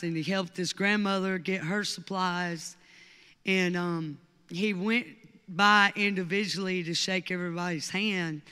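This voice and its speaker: A man giving a heartfelt, excited testimony to a congregation about a mission trip. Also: high voice, smooth, in a large hall. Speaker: church mission volunteer.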